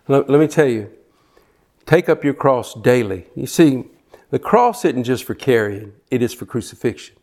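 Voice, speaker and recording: A man preaching with fervent, driving intensity, pressing the same point again and again. His voice sits at an ordinary middle pitch, and he often trips over words and restarts mid-sentence. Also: a little mellow. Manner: fervent, pushes hard, repeats himself. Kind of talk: sermon.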